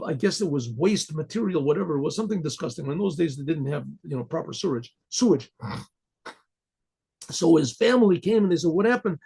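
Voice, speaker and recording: A man, a rabbi, telling a Chassidic story in a conversational way, clearing his throat often. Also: on the high side, dark tone.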